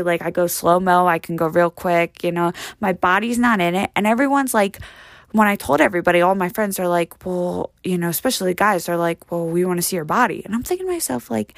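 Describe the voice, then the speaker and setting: A woman's voice: on the low side, dry recording. A young adult woman in a profane comedic rant, brash and rambling, full of "like" and "you know". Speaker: comedic monologue performer.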